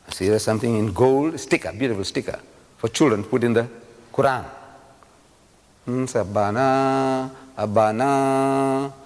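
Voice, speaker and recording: An older man giving a religious public lecture, telling a story with lively teasing questions to the audience. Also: mid-range voice. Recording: long reverb of a lecture hall.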